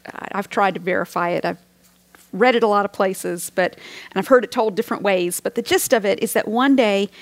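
Earnest woman teaching with a gravelly edge. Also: fairly high pitch, dry recording. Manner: earnest, reflective, drops to near whispers. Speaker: Bible teacher. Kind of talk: devotional sermon.

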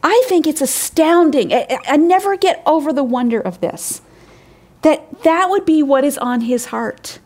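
Earnest older woman teaching scripture. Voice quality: crackly voice. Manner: earnest, wondering, pitch rising for emphasis. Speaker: Bible teacher. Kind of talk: devotional Bible teaching.

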